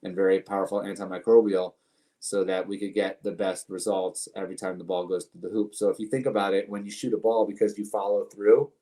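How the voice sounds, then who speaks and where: A man's voice: low voice, level tone, brisk, mellow. A man from the United States, a company co-founder, answering interview questions earnestly, piling up lists and repeating words. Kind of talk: casual interview.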